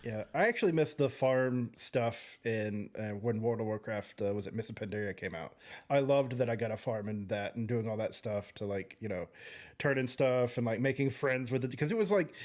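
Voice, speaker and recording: A man's voice: mid-range voice, fairly quick, darkish tone. A man co-hosting a podcast in casual chat, wry and complaining, often laughing. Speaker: podcast co-host.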